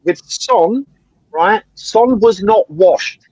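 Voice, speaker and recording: A man with a high voice rants heatedly on a fan livestream, peppering his points with "right?" and swearing. The sound is dull and lo-fi, with a dry, close feel. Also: animated, drawn-out words, darkish tone, slightly rough, no room sound. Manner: ranting, swears a lot, keeps asking "right?". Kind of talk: casual heated chat.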